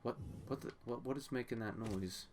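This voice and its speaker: A man's voice: medium pitch, normal speed, creaky, over music. A young man rambling through live gameplay commentary, talking to himself and to his chat. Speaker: game streamer.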